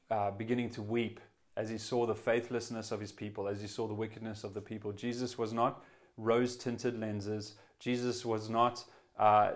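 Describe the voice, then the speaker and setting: A man preaching a sermon in an earnest way, lifting his voice for quoted prayers and dropping soft at quiet moments. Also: medium pitch.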